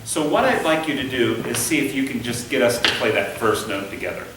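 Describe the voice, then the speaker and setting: A man's voice: medium pitch, lively intonation, fairly quick. A man teaching a conducting class, coaching a student patiently and singing rhythm syllables to demonstrate. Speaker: conducting instructor. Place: rehearsal room. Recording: echoey room from far off, faint hiss.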